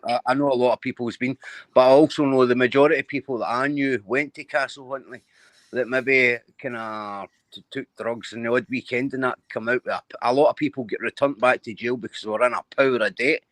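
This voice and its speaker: A man's voice: medium pitch, steady tone, fairly quick, a bit bright, no echo. A Scottish man talking casually on a live stream, blunt and swearing, often stammering and restarting. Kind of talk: casual chat.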